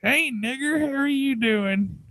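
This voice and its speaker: A man voicing a cantankerous old grandmother with a high, shrill old-lady voice. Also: unhurried, a bit bright, no room sound, exaggerated voice.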